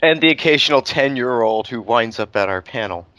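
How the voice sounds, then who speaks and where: A man's voice: mid-range voice, lively intonation, a little fast, sharp tone, dry recording. A man co-hosting a podcast in casual chat, with wry teasing remarks. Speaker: podcast co-host.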